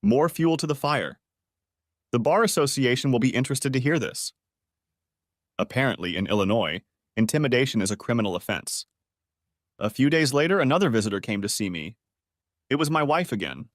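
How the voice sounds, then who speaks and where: Man narrating a story, lively delivery. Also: mid-range voice, fairly quick, pauses often, dry recording, studio quality. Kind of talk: first-person story narration.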